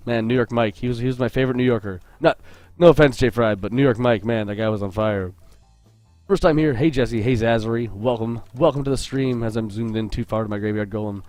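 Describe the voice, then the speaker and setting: A man's voice: medium pitch, quick pace, a little mellow, dry recording, soft background music. Chatty upbeat man on a dry mic. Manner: chatty and upbeat, greeting viewers and reading chat aloud; joking and self-interrupting. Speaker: game artist hosting a live drawing stream. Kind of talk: casual livestream chat while drawing.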